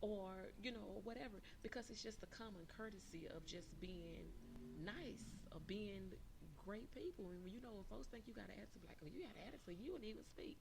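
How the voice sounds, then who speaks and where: A woman's voice: mid-range voice, brisk, creaky, noisy background. A woman hosting a podcast, giving casual motivational advice in a preachy, conversational way, sometimes acting out quoted greetings. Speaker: podcast host.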